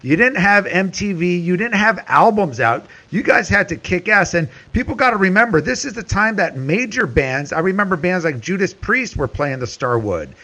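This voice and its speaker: A man's voice: high voice, animated, normal speed, few pauses, sharp tone. A man hosting a casual interview, talking in an enthusiastic and emphatic way. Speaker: podcast host.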